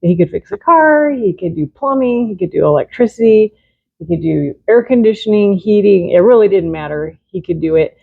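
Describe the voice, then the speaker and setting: A woman with a mid-pitched, gravelly and husky voice chats supportively, keeping the talk easy and friendly. The recording sounds muffled and lo-fi. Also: animated, fairly quick. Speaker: co-host. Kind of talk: casual chat. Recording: dull lo-fi recording.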